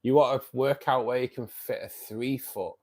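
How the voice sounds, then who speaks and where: Here a man talks at a moderate pace in a steady, mid-range, somewhat dark voice. He's chatting with viewers on his fishkeeping livestream, going through their comments, joking around, teasing, and laughing often.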